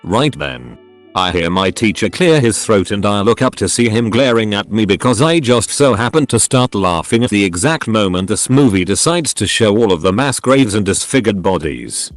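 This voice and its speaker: A man with a low-set voice reads funny first-person stories straight from online posts, edit notes included. His pitch swings widely, giving the delivery a lively, animated lilt. Faint music plays underneath. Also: normal speed, no echo. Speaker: narrator of reddit stories. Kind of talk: scripted reading of online posts.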